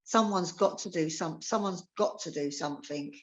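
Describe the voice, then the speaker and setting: A woman speaking in a heartfelt, halting way, often repeating herself in a conversational interview. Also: fairly low pitch, rough recording. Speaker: campaigner for a prisoner.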